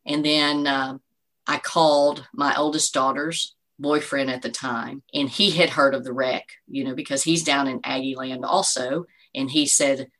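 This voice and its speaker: A woman in her forties speaks in a deep register, yet her tone stays bright and forceful. She tells her story as an interview guest, earnest and faith-filled, with many "you know"s. Her manner is heartfelt personal testimony. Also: steady tone, a little slow, low-quality recording. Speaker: guest, bereaved mother.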